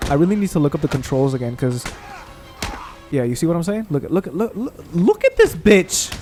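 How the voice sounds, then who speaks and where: A young man narrates his own playthrough in loose, casual commentary, swearing freely and taunting the enemies he beats up. His voice sits a little high for a man. Faint music plays softly behind him. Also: brisk. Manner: excitable, profane, trash-talks game enemies. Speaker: gaming channel host.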